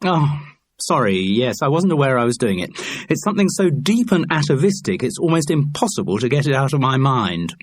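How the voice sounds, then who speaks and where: Man doing a worn-out actor, wry, grumbly, bit husky, dry close sound. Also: mid-range voice, big pitch swings, brisk, no echo, voice pushed up. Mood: apologetic. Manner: exasperated, wry. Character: weary, self-mocking middle-aged male actor.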